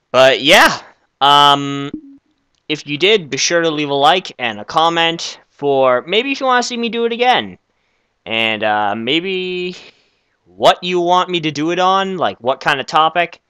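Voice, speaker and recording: A young man hosting a comedic game skit, excitable and easily flustered, stammering often. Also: on the high side, clear, resonant tone, no room sound. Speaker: video creator.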